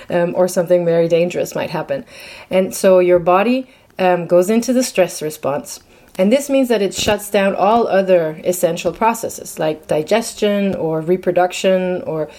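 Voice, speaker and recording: Woman, health vlogger, casual talk to camera, chatty, hesitant, mid pitch. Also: darkish tone. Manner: chatty, hesitant with fillers and restarts.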